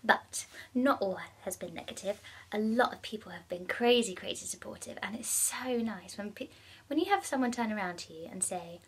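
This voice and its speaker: A young woman talking casually in a personal vlog, chatty, with many ums and bursts of excitement. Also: medium pitch, normal speed, slightly rough. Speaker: vlogger.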